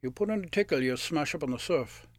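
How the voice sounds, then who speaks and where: A man voicing a gruff, friendly older Newfoundland fisherman who talks bluntly and keeps calling people boy. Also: a little high, lively intonation, fast talker, dry recording, clean studio sound. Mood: earnest. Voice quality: blunt, folksy, calls everyone boy. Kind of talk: live storytelling performance.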